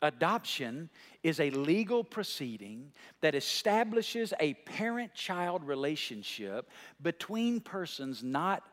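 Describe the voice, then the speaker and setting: A man preaching a sermon, telling a story and building to shouted climaxes. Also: a little high, sing-song, slow. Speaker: pastor. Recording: reverberant large hall.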